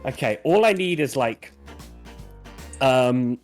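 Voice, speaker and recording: An eager tabletop player asks about the rules, voice moving lively up and down. Faint music plays behind. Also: mid-range voice, slow. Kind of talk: playing a tabletop game.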